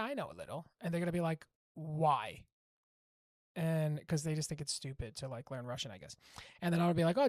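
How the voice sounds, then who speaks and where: A man casually explaining his language-learning method to camera, rambling and animated, often cutting himself off mid-word. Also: high-pitched, no room sound, clean studio sound. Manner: rambling, animated, self-interrupting, often acts out dialogue.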